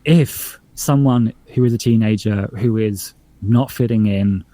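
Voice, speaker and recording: A man's voice: on the low side, a little slow, warm tone, dry recording. A man from northern England, a podcast showrunner, talking in a casual interview with hesitant, filler-heavy speech. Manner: rambling, hesitant, many fillers and restarts.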